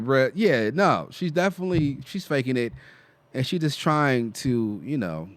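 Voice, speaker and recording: A man hosts a reaction in a blunt, profane way, cutting in often. His voice is lively and jumps up and down a lot. The sound is close and dry. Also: a little high, a little slow, no room sound. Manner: blunt and profane, with frequent interjections. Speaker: host. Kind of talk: reaction commentary.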